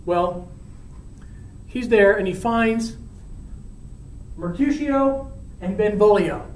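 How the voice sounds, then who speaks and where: A man's voice: high-pitched, slow, slight background noise. A male teacher casually retelling a play, chatty and often checking in with "right?". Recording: roomy, from far off.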